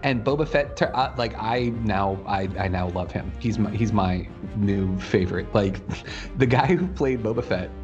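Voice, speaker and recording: A man hosting a casual geek podcast, ranting excitedly, swearing freely and laughing often. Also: on the low side, normal speed, highs cut off, soft background music. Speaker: podcast host.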